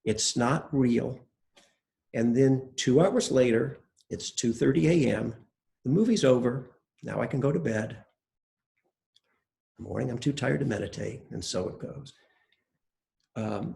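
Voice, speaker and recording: An older man giving a relaxed, conversational dharma talk as a meditation teacher, telling stories with small hesitations. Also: medium pitch, gravelly, a little hiss or hum. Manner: relaxed, conversational, self-deprecating storytelling with hesitations.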